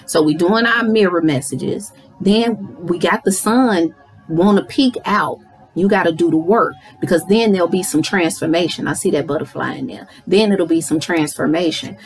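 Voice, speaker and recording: Animated woman doing a spiritual card reading. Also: lowish voice, low-quality recording. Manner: animated, talks to viewers as y'all, affirming. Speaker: tarot card reader.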